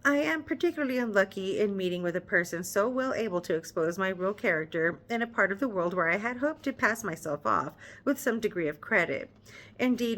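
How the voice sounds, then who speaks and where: A woman's voice: medium pitch, fairly bright tone, close to an everyday voice. A woman reading as Elizabeth, an arch young lady. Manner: arch and playful, reading period dialogue. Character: witty, teasing young woman of a country gentry family.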